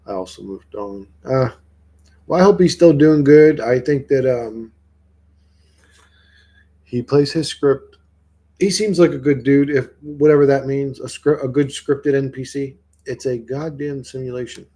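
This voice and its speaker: Husky-voiced man rambling on a stream. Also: mid-range voice, measured pace, mellow. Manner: rambling, profane, questioning. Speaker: livestreamer. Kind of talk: casual livestream chat answering viewers.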